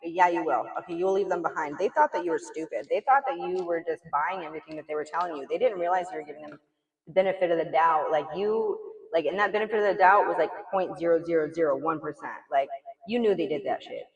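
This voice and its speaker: Casual tarot reader, blunt and chatty, heavy "like" filler, mid-pitched voice, distant and roomy sound. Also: fast, lo-fi sound. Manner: blunt, chatty, swears, lots of "like" and "you know". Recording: echoey room, mic far off.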